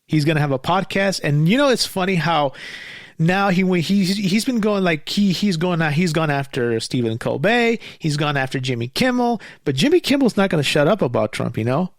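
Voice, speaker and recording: Male host, fairly high voice, heated profane rant, dry close recording. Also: animated, moderate pace, dry recording. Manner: angry, profane, rambling with many restarts and fillers. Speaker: podcast host. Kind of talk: casual ranting monologue.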